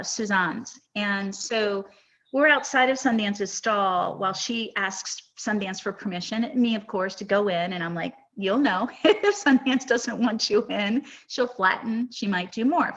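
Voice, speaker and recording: A woman's voice: medium pitch, fairly bright tone, poor audio. Earnest woman host telling a story. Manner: emotional, earnest storytelling with many restarts. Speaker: podcast host. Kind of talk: storytelling on a live podcast.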